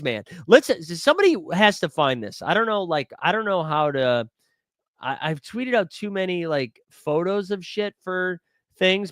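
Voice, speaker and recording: Animated rambling male livestream host. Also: a little high, dry recording, studio quality. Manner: rambling, jokey, talks to chat while searching. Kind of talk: casual live-stream chat.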